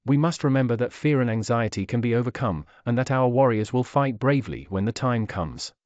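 A man voicing a stern orc war chief who speaks low and measured. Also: expressive, a little mellow, no room sound, lightly acted.

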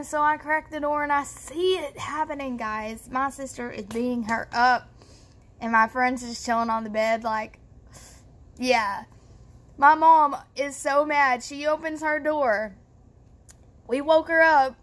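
Young woman, high voice, storytime vlog, animated, swears a lot, talks to viewers. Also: unhurried. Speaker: storytime vlogger. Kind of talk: casual storytelling.

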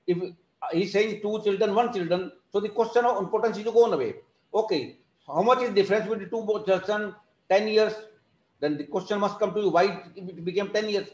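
A high-pitched man lectures students over a video call and keeps repeating the points he wants them to remember. His phrasing is non-native, and the room around him rings with echo. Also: brisk. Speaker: teacher of alternative therapy. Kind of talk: online class lecture.

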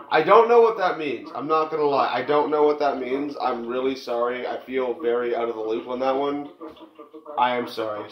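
A man giving crude, joking commentary while playing a game, talking back to the characters. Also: mid-range voice. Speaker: let's play gamer. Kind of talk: casual gameplay commentary. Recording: dull, echoey home recording with game music.

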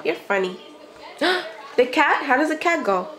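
High, slow, coaxing woman's voice. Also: big pitch swings, a bit bright, poor audio. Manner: slow, coaxing questions with imitated animal sounds. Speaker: parent reading a picture book to a toddler. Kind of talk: playful baby talk.

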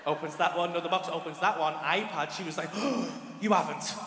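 A young male stand-up comedian with a Liverpool accent. He tells a story on a club stage, excitable and profane, rambling on a stage mic. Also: on the high side, fairly quick, noisy background. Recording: echoey live club hall with audience.

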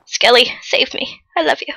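A woman hosting a game video in casual chat, loud, often yelping and shouting in panic. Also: sits high, normal speed, gravelly, slightly rough, no echo. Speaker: gamer host.

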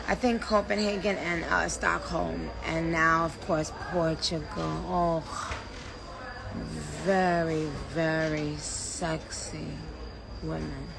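A woman's voice: fairly low pitch, creaky, pushed and bright, a little hiss or hum. A woman hosting her own live stream from her phone, talking loosely and playfully, swearing and trailing off mid-sentence. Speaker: livestream host. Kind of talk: casual livestream chat.

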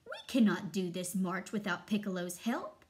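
A woman voicing a stern but kindly male conductor baton in a storybook read-aloud, commanding and then softly coaxing. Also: medium pitch, very animated, moderate pace, natural voice. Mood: scolding.

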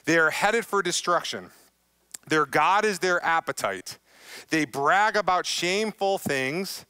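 Bright-voiced pastor preaching. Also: male voice, on the high side, smooth, no echo. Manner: conversational preaching, repeats key phrases. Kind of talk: sermon. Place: church stage.

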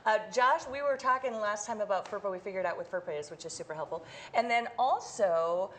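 A woman's voice: medium pitch, a little fast, fairly bright tone, slight background noise. A woman co-hosting a talk show, chatty and upbeat as she questions a guest. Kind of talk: radio talk show interview.

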